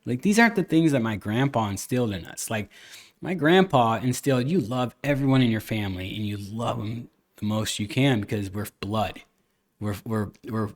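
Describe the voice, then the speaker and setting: A man's voice: medium pitch, normal speed. A man hosting a podcast, chatting casually and retelling a family story, with lots of restarts, quoted dialogue and the odd cuss word. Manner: animated storyteller, many restarts, retells dialogue, occasional cussing. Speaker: podcast host. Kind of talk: casual chat.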